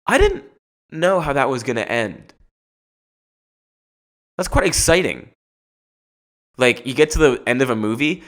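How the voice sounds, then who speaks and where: A man's voice: on the high side, big pitch swings, moderate pace, long pauses, fairly bright tone. A man hosting a podcast, riffing through a rambling comic monologue with casual swearing. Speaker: podcast host.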